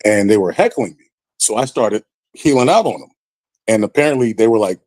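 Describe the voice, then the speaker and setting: A man telling a story on a podcast in a casual, animated way, with lively acted-out quotes. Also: fairly low pitch, moderate pace, no echo. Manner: animated, acts out quoted voices. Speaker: podcast guest.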